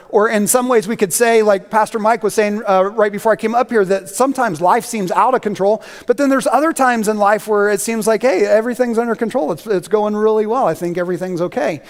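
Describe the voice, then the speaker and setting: High-voiced preacher in a reverberant hall. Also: male voice. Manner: conversational storytelling with many fillers. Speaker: guest preacher. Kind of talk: sermon. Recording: long reverb of a church hall.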